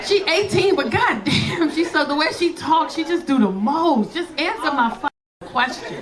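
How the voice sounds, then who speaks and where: A woman's voice: sits high, lively intonation, moderate pace, over a noisy crowd. A woman in her forties doing stand-up, telling brash, profane family stories and acting out the people in them. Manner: brash, profane storytelling with acted-out family voices. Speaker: stand-up comedian. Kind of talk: stand-up comedy. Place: comedy club stage. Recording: live room with laughing audience.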